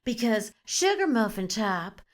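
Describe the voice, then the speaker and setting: A woman's voice: medium pitch, big pitch swings, a little slow. A woman hosting a podcast, giving a comedic spiritual monologue in a playful, sassy way, swearing freely and using pet names. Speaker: podcast host.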